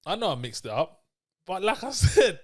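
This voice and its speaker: A young man from hosting a podcast, loud, playful and swearing as he jokes with his co-host. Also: high-pitched, big pitch swings, normal speed. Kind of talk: casual banter.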